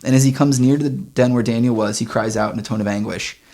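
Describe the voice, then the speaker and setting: A man co-hosting a church podcast, reading Bible passages aloud and retelling them in relaxed modern slang. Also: medium pitch, fast talker. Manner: relaxed, paraphrases the story in modern slang with chuckles. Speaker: podcast co-host. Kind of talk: casual Bible discussion, reading scripture aloud.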